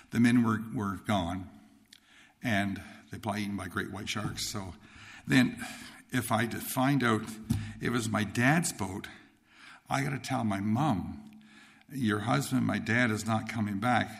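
Speaking with vocal fry at a fairly low pitch and a slightly slow pace, a Nova Scotian man recounts his life as a testimony. He rambles, often restarting and repeating words.

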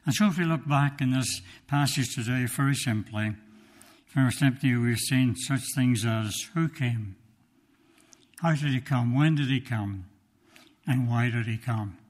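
A male preacher telling a story in a sermon, slow and emphatic, with dramatic pauses, reading from his notes. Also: mid-range voice. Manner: reads from notes.

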